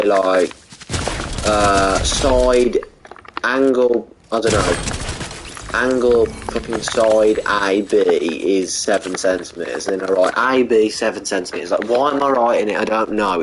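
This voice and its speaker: A man's voice: on the low side, background noise. A man ranting casually and rambling, with lots of swearing and exasperation. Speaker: vlogger. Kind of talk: casual rant.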